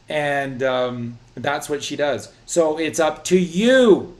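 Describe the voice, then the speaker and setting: Man, animated and preachy, rambling group discussion, slightly high voice. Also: slow pace, hardly any pauses. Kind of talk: casual religious discussion.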